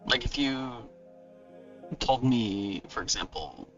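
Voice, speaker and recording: A man with a Californian accent chats loosely with his viewers, thanking them and laughing between thoughts. His voice is bright and forward. The mic sits at a distance and sounds dull and lo-fi, with faint music behind. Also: mid-range voice, animated, slow. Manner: chatty, rambling, laughs often, thanks viewers. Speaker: author hosting a book launch livestream. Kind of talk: casual livestream chat with viewers.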